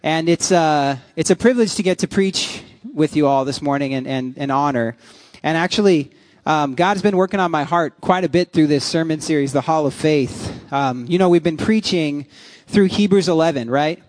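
A man's voice: a little high, normal speed, darkish tone, dry recording. A man in his thirties, a pastor preaching a sermon in a chatty, joking way with many restarts and fillers. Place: church.

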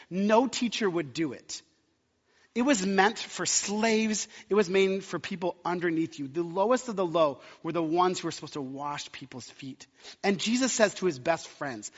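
A man's voice: high voice, slightly rough. A man preaching a sermon, impassioned and building to emphatic climaxes. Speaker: pastor. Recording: muffled sound with long hall reverb.

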